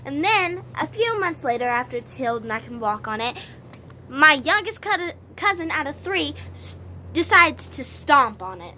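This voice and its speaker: A woman's voice: high-pitched, sing-song, normal speed, sharp tone, slight background noise. A woman vlogger telling a story casually to camera, rambling with many restarts.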